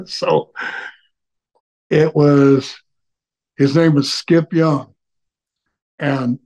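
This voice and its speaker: An older man, a retired wrestler, telling rambling stories in a casual interview and breaking into loud whoops. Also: mid-range voice, creaky, slightly rough. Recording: dull lo-fi audio.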